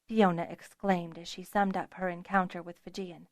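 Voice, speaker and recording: A woman narrating a fantasy audiobook in an even, measured storytelling voice. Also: lowish voice, dry recording, studio quality.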